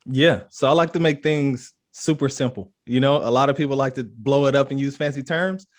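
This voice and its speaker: Relaxed, plain-spoken man from the American South. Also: medium pitch, brisk. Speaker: guest, capital advisor. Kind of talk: casual interview talk.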